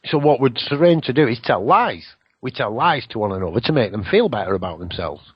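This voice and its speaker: A husky-voiced man talks on his radio show, his pitch rising and falling in lively swings. He rambles through spiritual musings, drops the odd swear word and mocks other people's voices. The broadcast sounds dull and lo-fi. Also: brisk.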